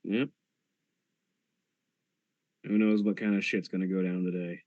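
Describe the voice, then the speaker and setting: A man playing a tabletop game, talking in character in a calm, dry, teasing way. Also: low voice, a little slow, no room sound. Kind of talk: in-character role-play chat. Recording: dull lo-fi dry mic.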